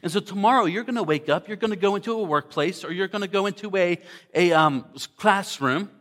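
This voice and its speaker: High-voiced emphatic male preacher. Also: a little fast, fairly bright tone. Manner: emphatic, repeats key words for stress, addresses the congregation. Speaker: pastor. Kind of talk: sermon.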